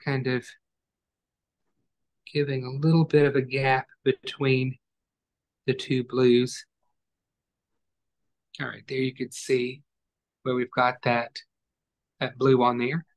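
A man teaching an online acrylic painting class, giving calm, step-by-step instructions as he works. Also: mid-range voice, takes it slowly, long pauses.

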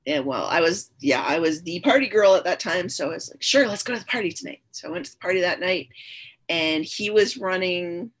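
A woman's voice: lowish voice, moderate pace. A woman guest on a podcast, telling her own story candidly and earnestly, often repeating her phrases for emphasis. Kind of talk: personal storytelling in conversation.

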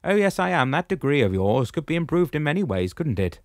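Man doing a calm, patient old shepherd sage, voice pitched up and projecting, dry audiobook read. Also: a little fast, dry recording. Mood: calm explaining. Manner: patient, explaining, gently lecturing. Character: wise calm old male shepherd spirit.

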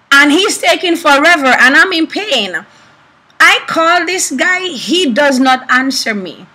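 A young woman prophetess teaching about prophecy through animated personal stories, acting out the people she quotes. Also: sits high, poor audio. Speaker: prophetess and preacher.

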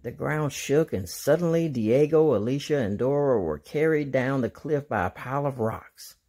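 A man's voice: mid-range voice, normal speed. A man reading a children's picture book aloud as a storytime reader. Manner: expressive storyteller.

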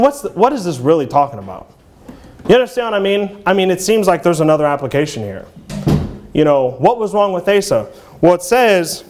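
A man in his thirties delivers a sermon in a church, his voice sitting high for a man. He keeps it conversational, slipping in "you know" and "man" between passages of old-style scripture. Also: darkish tone. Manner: reads scripture aloud in King James English. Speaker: preacher.

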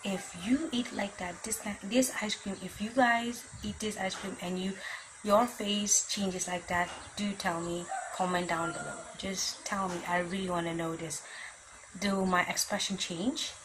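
A woman's voice: mid-range voice, steady tone, measured pace. A woman hosting a reaction video, chatting in a bemused way and talking straight to her viewers. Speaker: reaction channel host. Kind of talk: casual reaction commentary. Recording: clear background noise.

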